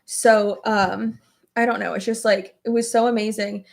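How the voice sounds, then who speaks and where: A woman's voice: mid-range voice, flat delivery, moderate pace, vocal fry. A young woman chats through a get-ready-with-me video at home, her speech looping through fillers and casual swearing. She sounds open and emotional, laughing easily and sometimes close to tears. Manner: emotional, tearful at times, laughs often. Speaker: beauty vlogger. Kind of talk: casual chat while doing makeup.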